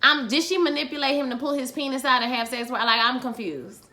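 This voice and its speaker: A woman vlogger recaps a TV episode in loose, chatty fashion. She is sassy and animated, slipping into the characters' lines with flair. Her voice sits slightly high and rings bright and sharp. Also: fast talker. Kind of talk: casual recap chat.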